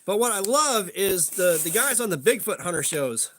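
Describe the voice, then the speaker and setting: A man's voice: high voice, very animated, moderate pace, fairly bright tone, a little hiss or hum. Profane rambling livestream guy. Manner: profane, rambling, greets chatters by name. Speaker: livestream host. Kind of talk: casual livestream chat.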